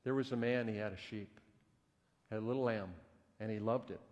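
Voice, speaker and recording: A man's voice: fairly low pitch, steady tone, brisk, a little mellow, dull audio. A man who is a pastor, telling a story in a conversational, folksy sermon in a church. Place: church sanctuary. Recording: echoey church hall.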